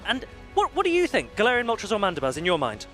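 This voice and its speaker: A man giving live play-by-play commentary on a competitive game, getting excited and louder at key plays. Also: high-pitched, fast, faint music behind. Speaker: esports commentator.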